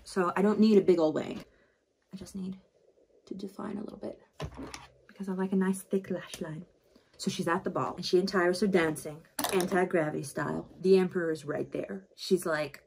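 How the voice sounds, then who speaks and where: A woman's voice: fairly low pitch, fairly even intonation, normal speed, vocal fry, a little mellow, a little hiss or hum. A young woman vlogger chatting casually through a book recap, full of fillers.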